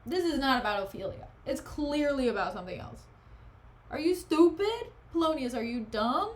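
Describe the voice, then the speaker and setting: A woman's voice: sits high, lively intonation, moderate pace. A woman voicing an exasperated king who talks in modern slang and scolds his adviser.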